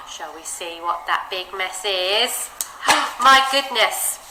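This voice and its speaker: A woman with an English accent teaching a child to read aloud, modelling phrases with big, expressive changes of voice and lots of encouragement. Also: medium pitch, slow. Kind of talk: one-to-one reading lesson with a child. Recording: echoey room with background noise.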